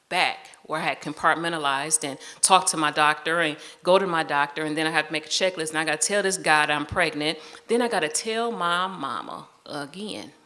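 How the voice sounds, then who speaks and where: A woman recounts a personal story before a live audience in a chatty, conversational way. Her voice sits fairly low for a woman but has a bright, forward edge. She slips into the voices of the people in her story as she quotes them.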